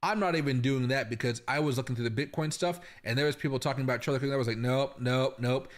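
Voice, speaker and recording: A man's voice: medium pitch, rapid-fire. Chatty man hosting a crypto livestream. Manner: chatty, rambling, talks straight to viewers. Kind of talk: casual livestream commentary. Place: home.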